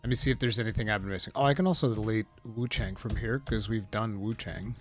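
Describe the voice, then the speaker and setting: Talking fast in a fairly low pitch, a man runs a relaxed live stream with soft music in the background. His commentary on gaming news meanders, he reads chat out loud, and he gets laughingly excited at times.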